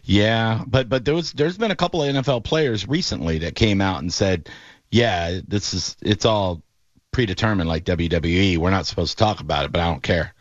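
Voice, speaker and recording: A man hosting a casual sports talk show, telling stories with animated, mocking energy. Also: low voice, moderate pace, no echo, muffled recording. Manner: animated storyteller, mocking voices in quotes. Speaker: podcast host.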